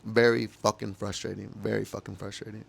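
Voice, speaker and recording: A man's voice: on the low side, little pitch movement, fairly quick, creaky, husky. A man, ranting heatedly and emotionally about his own experiences, cursing and repeating himself. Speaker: podcast host. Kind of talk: heated personal monologue.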